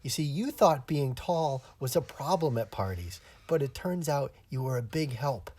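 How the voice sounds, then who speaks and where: A kind, grateful mermaid, as a man telling a children's story puts her on speaks in a reassuring way. The voice is breathy and husky, pitched in the middle. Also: lively intonation, normal speed. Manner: warm, reassuring.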